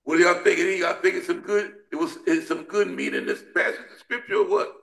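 A man's voice: high voice, fast talker, gravelly, fairly bright tone. A man leading a Bible study discussion, preaching with an emphatic, repetitive call-and-response cadence. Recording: roomy echo.

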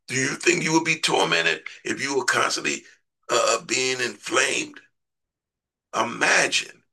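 A man's voice: mid-range voice, expressive, a little slow, gravelly, bright, forceful tone, breathy edge. A man preaching a sermon in a conversational way, repeating words and putting questions to his listeners.

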